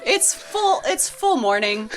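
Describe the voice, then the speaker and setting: A woman narrating a tabletop game as game master, in a relaxed, descriptive way with casual fillers. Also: a little high, slow, faint music behind. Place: tabletop session with friends.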